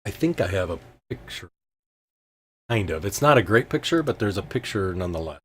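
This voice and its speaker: A man's voice: low voice, very animated, a little fast, husky. A man narrating a tabletop game as game master, in a loose, hesitant way full of ums and filler words.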